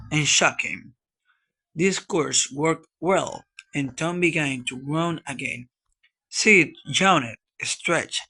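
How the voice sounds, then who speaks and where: A man narrating a classic children's storybook in a slow, measured reading. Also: a little high, sharp tone. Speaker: audiobook reader.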